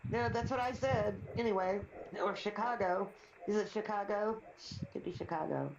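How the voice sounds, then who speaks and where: A woman's voice: medium pitch, moderate pace, creaky, noisy background. Middle-aged lady rambling and laughing on a live stream, echoey and kinda muffled. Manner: chatty, laughing, rambling storyteller. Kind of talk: casual chat. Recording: roomy, slightly dull stream audio.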